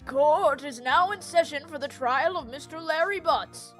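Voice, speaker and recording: A woman's voice: high voice, a little slow, a bit bright, soft background music. A woman voicing an old male judge in a game, with formal, courtroom delivery.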